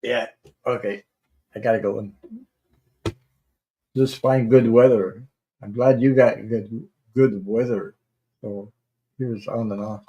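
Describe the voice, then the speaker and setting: A man hosting a tarot livestream, chatting casually and rambling, with halting restarts while he greets viewers. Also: lowish voice, fairly even intonation, dark tone, lo-fi sound. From Canada.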